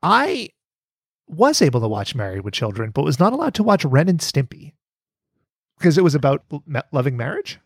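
A man's voice: on the high side, huge pitch swings, a little fast, dry recording, studio quality. A man hosting a podcast in casual chat, swearing and laughing often. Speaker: podcast host.

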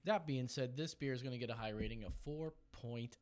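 A man's voice: mid-range voice, fairly quick. Laid-back man hosting a beer podcast. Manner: laid-back, laughing, teasing. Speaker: podcast host. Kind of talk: casual chat, beer review.

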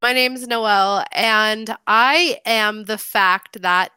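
Bright, crisp woman telling stories. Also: mid-range voice, slow pace, no echo. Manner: profane, animated storytelling, acts out quoted voices. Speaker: podcast co-host. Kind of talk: casual chat.

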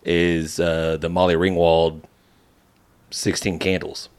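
A man with a deep, low-pitched voice co-hosting a casual podcast. He talks chattily, full of fillers, and shares bits of trivia with a chuckle. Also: level tone, slow pace, clean tone. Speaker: podcast co-host. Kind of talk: casual banter.

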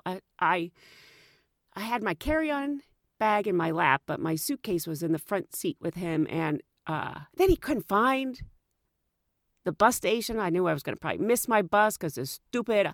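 A woman who works as a flight attendant, telling a story in a chatty, animated way with frequent fillers. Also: mid-range voice, normal speed, dry recording, clean studio sound. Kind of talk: casual storytelling.

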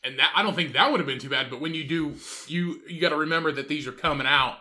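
A man's voice: a little high, fast talker, bright, forceful tone. A man co-hosting a podcast in casual chat, laid-back with profane banter. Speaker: podcast co-host.

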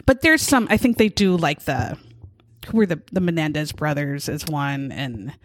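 A woman's voice: deep voice, expressive, normal speed, no echo, clean studio sound. A woman co-hosting a casual podcast, chatty and jokey with crude humor, often laughing as she talks. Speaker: podcast co-host.

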